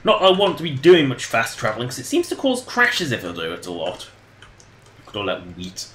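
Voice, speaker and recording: Rambling jokey guy streaming a game, bright voice in an echoey room. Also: medium pitch, very animated, brisk, a little hiss or hum. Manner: rambling, jokey, laughs at his own jokes. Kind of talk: casual gameplay commentary.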